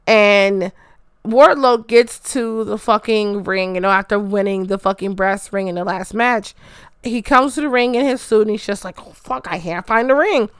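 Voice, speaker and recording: Woman, casual recapper. Excitable and profane, lots of "uh", resonant tone, close dry bedroom mic. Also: medium pitch, moderate pace, smooth, dry recording. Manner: excitable, heavy swearing, filler "uh". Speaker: wrestling show recapper.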